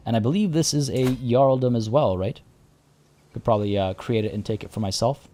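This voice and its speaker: A man's voice: medium pitch, brisk, warm tone. A man streaming a strategy game, talking casually to his chat as he plays. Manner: chatty, thinking aloud and answering chat. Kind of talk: casual live-stream commentary.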